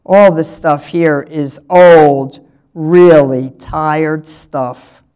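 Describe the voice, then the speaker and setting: A woman voicing a cheeky, sullen young schoolboy, slow and dismissive. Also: sits low, darkish tone, clear, resonant tone, heavily acted.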